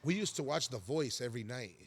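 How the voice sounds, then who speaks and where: A man's voice: mid-range voice, expressive, fast, breathy edge. Slangy, profane man telling prison stories. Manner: slangy, profane, calls listener fool and homie. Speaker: podcast guest, former federal prisoner. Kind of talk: casual storytelling.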